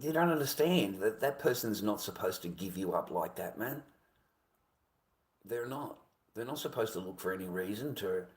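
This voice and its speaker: A man's voice: mid-range voice, low-quality recording. An Australian man in a casual livestream rant who swears and keeps repeating himself in an aggrieved way.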